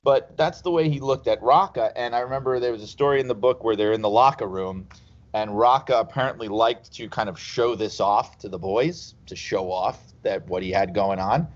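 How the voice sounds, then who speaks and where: A man's voice: lowish voice, normal speed. A man telling stories in a casual chat, rambling and laughing as he goes. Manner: rambling, laughs through anecdotes. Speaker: podcast guest. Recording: slightly dull lo-fi sound.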